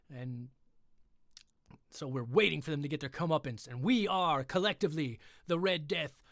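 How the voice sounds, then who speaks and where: A man's voice: a little high, no echo, clean studio sound. A man hosting a livestream reading, chatting in a rambling, joking way between passages and swearing casually. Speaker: livestream host reading a story aloud. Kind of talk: casual chat during a live reading.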